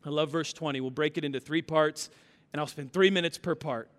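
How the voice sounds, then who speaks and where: A man's voice: fairly high pitch, fairly even intonation, brisk. A man preaching a sermon, telling stories with emphasis and acting out family members' voices. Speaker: pastor. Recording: hall reverb.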